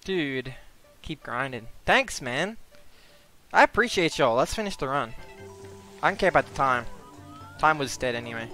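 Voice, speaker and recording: A young Australian man streaming a game, excitable and quick to exclaim and swear. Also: medium pitch, faint music behind. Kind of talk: live stream reaction.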